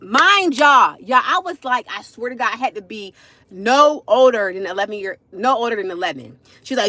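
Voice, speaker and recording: A woman's voice: on the high side, lively intonation, moderate pace, pushed and bright, dry recording. Chatty forty-year-old woman telling a story to viewers. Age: 40s. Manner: chatty, addresses viewers as y'all, frequent asides. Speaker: livestream storyteller. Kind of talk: casual storytime livestream.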